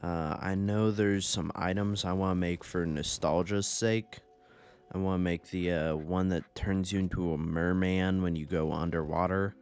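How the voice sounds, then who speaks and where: A man's voice: sits low, fairly even intonation, moderate pace, a little mellow, clean tone. A young man rambling through casual gameplay commentary, laid-back and profane, often laughing at his own stories. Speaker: gaming YouTuber.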